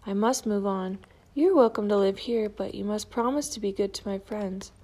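A woman voicing a curious, polite male hermit crab in a storybook read-aloud, asking gently and courteously. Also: mid-range voice, normal speed, close to an everyday voice. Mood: gentle, polite.

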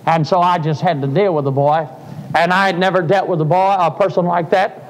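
A man's voice: high-pitched, fairly even intonation, brisk, a little hiss or hum. An older man, preaching a sermon in a folksy storytelling way that rises to fervent cries. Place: church sanctuary. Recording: live sermon in a reverberant church.

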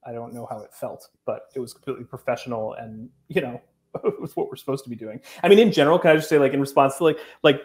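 A man answers interview questions as a guest journalist in an earnest, defensive way. He leans heavily on fillers as he explains himself, at an ordinary pitch.

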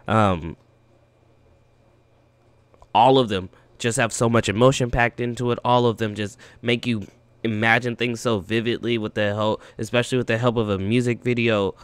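A man hosting a reaction video, talking in an earnest, heartfelt way with pauses and ums. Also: medium pitch, fairly even intonation, smooth, dry recording. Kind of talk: casual reaction commentary.

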